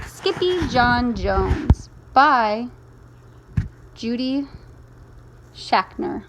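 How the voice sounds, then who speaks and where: A woman teacher reading a picture book aloud to children at home, playful and animated, chatting to her listeners between pages. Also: fairly high pitch, measured pace, background noise.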